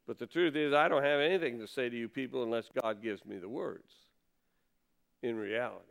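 A man's voice: mid-range voice, brisk, gravelly, fairly bright tone. A man preaching a conversational sermon from the pulpit, reading scripture and stressing key words. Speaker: pastor.

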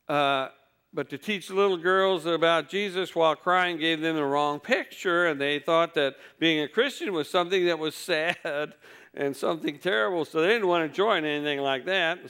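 A man's voice: fairly high pitch, a bit bright, clear, resonant tone. A man preaching a sermon, telling folksy stories with wry humor.

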